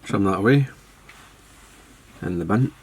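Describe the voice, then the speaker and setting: A man giving a casual step-by-step fly tying demonstration, relaxed and thinking aloud as he works with his hands. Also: sits low, unhurried, background noise.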